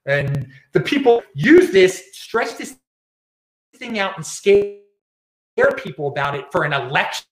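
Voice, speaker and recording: In an echoey room, a male show host rants through casual political commentary in a high-pitched voice with huge pitch swings, unhurried in pace. He repeats words and restarts his sentences.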